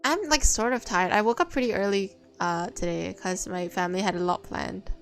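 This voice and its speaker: A woman's voice: medium pitch, brisk, gravelly, fairly bright tone, soft background music, rough recording. A young woman hosting a stream, chatting casually with friends, laughing often and swearing. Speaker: streamer host.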